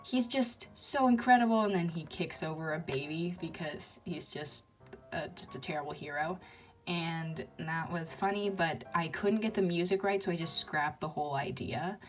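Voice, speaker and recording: Woman vlogger, low voice, casual and rambling, filler-heavy. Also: steady tone, normal speed, faint music behind. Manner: rambling, lots of ums and uhs. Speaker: toy-figure video maker. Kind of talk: casual chat.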